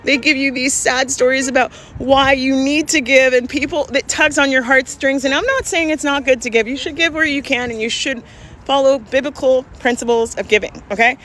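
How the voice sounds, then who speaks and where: A woman's voice: high-pitched, normal speed, fairly bright tone, a little hiss or hum. A woman, telling an emphatic vlog story with laughs, recorded on a phone outdoors. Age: 40s. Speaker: vlogger. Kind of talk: ranting vlog.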